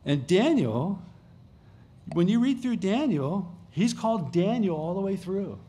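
A man's voice: sits high, sing-song, a little slow, mellow. A middle-aged man, a pastor, preaching a sermon in a conversational way, repeating phrases for emphasis and restarting sentences.

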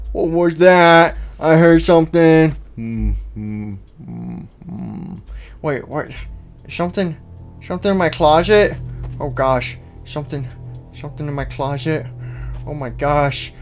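A man's voice: on the high side, steady tone, unhurried, soft background music. A man playing a game roleplay in character, muttering to himself and breaking into panicky outbursts. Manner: jumpy, panicky outbursts between nervous mumbling. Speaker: roleplay video host.

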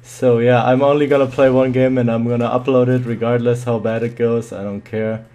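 A man's voice: medium pitch, flat delivery, brisk, mellow. A man commentating his own shooter match live, muttering and swearing with sudden yelps.

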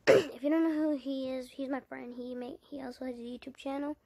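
A woman's voice: high-pitched, steady tone, fairly quick, gravelly, darkish tone, a little hiss or hum. A woman giving casual let's-play commentary, narrating her own moves and chatting to her viewers. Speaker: gaming channel creator.

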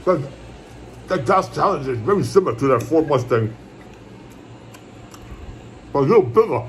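A man's voice: fairly high pitch, lively intonation, normal speed, slight background noise. Laid-back man chatting while he eats. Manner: laid-back, rambling, repeats "my brothers" and "puppy". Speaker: mukbang vlogger. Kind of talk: casual eating vlog chat. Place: at home, indoors.

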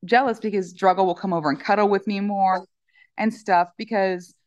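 A middle-aged woman chatting in an interview, telling animated stories with lots of fillers. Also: medium pitch, normal speed, dry recording, dull audio. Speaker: dog owner guest. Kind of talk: casual interview chat.

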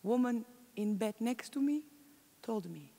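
Actress voicing a immigrant woman in a stage monologue; slow broken English, big hall reverb. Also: on the high side, animated, vocal fry, warm tone, exaggerated voice. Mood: grim. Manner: broken English, plain storytelling. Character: Turkish immigrant woman recounting her marriage. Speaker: stage performer. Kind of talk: theatrical monologue. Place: large conference hall. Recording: long reverb of a conference hall.

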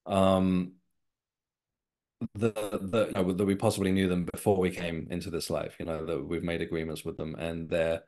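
A man's voice: sits low, little pitch movement, moderate pace, a little mellow. A man from England, a guest in an interview, telling a personal story in a reflective, sincere way. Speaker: guest, author and developing medium.

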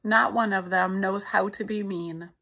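A woman reading a novel aloud in the first person, in a steady storytelling manner. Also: medium pitch, measured pace, creaky, low-quality recording. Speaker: audiobook narrator.

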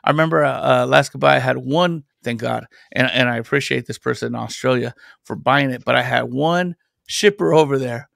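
A man's voice: medium pitch, brisk, creaky, a bit bright, no room sound, studio quality. A man who is a guest on a podcast, an independent comic creator chatting casually and telling long, rambling stories. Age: adult parent. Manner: rambling storyteller, loose and conversational. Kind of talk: casual chat.

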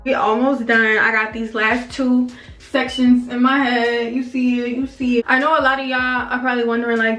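A woman vlogging a hair tutorial in casual, excitable talk to camera, slangy and swearing freely. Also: on the high side, moderate pace. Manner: excitable, animated, slangy and profane. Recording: echoey room with faint music.

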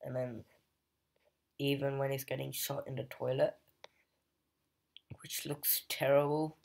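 Male comic reviewer, unhurried and level, loose rambling recap full of fillers. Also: mid-range voice, level tone, creaky, darkish tone, slight background noise. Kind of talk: casual plot recap.

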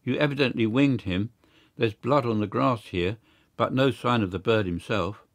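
A man voicing a gruff male park policeman who talks bluntly. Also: mid-range voice, normal speed, dry recording, studio quality, natural voice.

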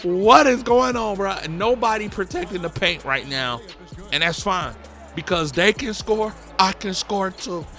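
A man's voice: sits high, expressive, measured pace, pushed and bright, soft background music. A man giving hyped, boastful commentary over his own gameplay, trash-talking and often slipping into a sing-song delivery. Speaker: gaming YouTuber.

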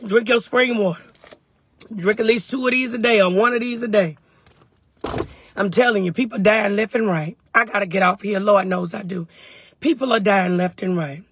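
A woman's voice: mid-range voice, normal speed, fairly bright tone, breathy edge. A woman fervently on a phone live stream from her parked truck, answering viewers' comments in call-and-response. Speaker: faith and wellness livestream host.

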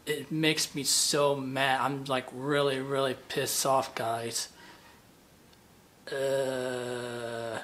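Male vlogger, deadpan fake outrage, bright and tense, very slow. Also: medium pitch. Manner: deadpan, flat monotone despite claiming rage. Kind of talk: mock-angry rant to camera.

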